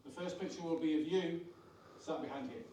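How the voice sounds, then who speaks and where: A man working as a tour guide explains in a clear, orderly way how the photos are taken. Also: a little high, fairly even intonation, a little fast, dark tone, slight background noise. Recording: distant, echoey room.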